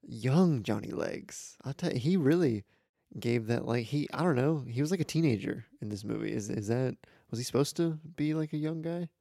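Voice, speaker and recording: Male podcast co-host, gravelly and mellow, wry and hesitant. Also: medium pitch, animated, normal speed, dry recording, studio quality. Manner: wry and hesitant, admits he does not remember. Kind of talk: casual comedic movie review chat.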